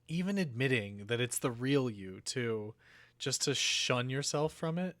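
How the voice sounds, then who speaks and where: A man's voice: mid-range voice, expressive, measured pace, fairly bright tone, no room sound. A young man hosting a let's play, reacting with dramatic, exaggerated outrage and sorrow in casual gameplay commentary.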